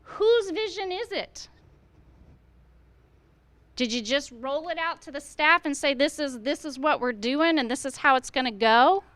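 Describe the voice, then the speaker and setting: A woman's voice: high voice, animated, measured pace, a bit bright, dry recording. A middle-aged woman, a school administrator, speaking earnestly to fellow educators at a staff meeting, firing off rhetorical questions and acting out how teachers should talk to students.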